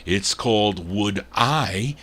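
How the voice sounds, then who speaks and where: A man's voice: lowish voice, expressive, slow pace, fairly bright tone, breathy edge. A man hosting a live oldies radio show, chatting between records with digressive trivia about the songs and labels.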